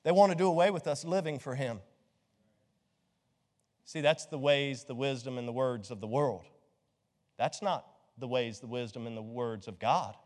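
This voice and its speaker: A middle-aged male pastor preaching a sermon, lively and joking as he quizzes his congregation with rhetorical questions. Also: mid-range voice, moderate pace, pauses often. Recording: long hall reverb.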